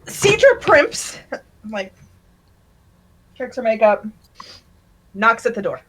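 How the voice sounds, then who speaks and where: A woman's voice: fairly high pitch, big pitch swings, slow, a bit bright, poor audio. A woman player in a tabletop game, playfully describing her character's actions. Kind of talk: casual tabletop play.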